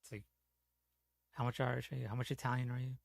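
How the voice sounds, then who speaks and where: A man's voice: medium pitch, flat delivery, quick pace, creaky, no echo. A man chatting casually on a gaming stream, telling rambling, profane stories full of "you know". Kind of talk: casual storytelling chat.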